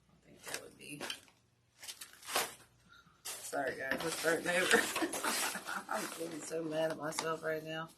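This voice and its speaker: Her voice low and a little slow, with frequent pauses, a woman hosts a wreath-making craft tutorial. She chats casually with viewers, sounding tired and poking fun at herself. Steady background noise runs underneath.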